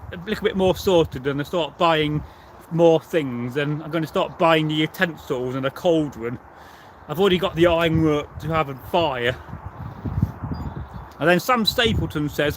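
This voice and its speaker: A man's voice: on the high side, moderate pace, a bit bright, slight background noise. A man, a history channel host answering viewers in a rambling, casual live chat full of fillers. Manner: rambling and chatty, with many fillers and restarts.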